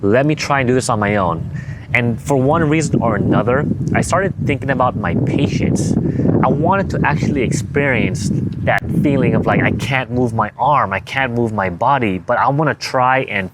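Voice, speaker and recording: A man's voice: mid-range voice, moderate pace. A young man, a physical therapist, casually telling a personal story, rambling and correcting himself as he quotes himself and others. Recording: noticeable background noise.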